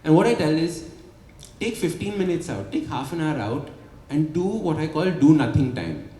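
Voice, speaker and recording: Before an audience at his book launch, a man who is both author and habit coach explains his ideas, punctuating them with rhetorical "right?" questions. The voice is on the high side with a dark tone, lively intonation, and normal speed. Recorded in an echoey hall with light ambience.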